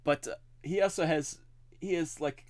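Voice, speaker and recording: A man co-hosts a podcast, chatting casually and laughing often. His voice is on the high side, and he speaks at a moderate pace.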